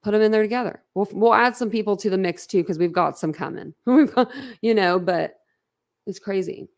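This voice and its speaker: A woman's voice: mid-range voice, a little fast, a little mellow. A woman hosting a livestream, chatting casually and bluntly with viewers, rambling and laughing often. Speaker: livestream host. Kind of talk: casual chat with live viewers.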